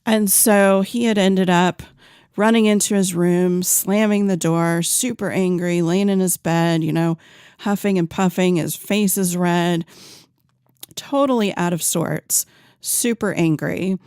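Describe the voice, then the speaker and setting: A woman host talks slowly and earnestly on her own podcast, her voice low-pitched with a gravelly edge. The sound is dry and close, with a mellow, dark tone. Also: fairly even intonation, no echo. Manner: earnest, unhurried, with fillers and restarts. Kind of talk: solo podcast talk.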